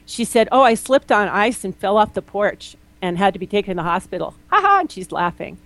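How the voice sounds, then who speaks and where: A straight-talking woman guest who tells her stories with real animation. She acts out other people's lines in a lively way and doesn't sugarcoat anything. Her voice sits at an ordinary middle pitch for a woman. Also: brisk, no room sound, rough recording. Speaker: naturopath guest. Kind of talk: candid interview conversation.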